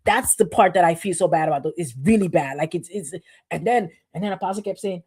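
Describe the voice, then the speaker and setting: A woman's voice: lowish voice, fast, darkish tone, husky. A middle-aged woman pastor with a New York accent, preaching in a conversational style that repeats phrases and restarts often. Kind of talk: sermon.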